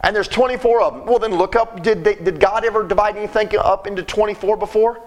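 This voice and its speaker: A man's voice: high voice, steady tone, quick pace. A man preaching a sermon in a folksy, emphatic way, often repeating words as he goes.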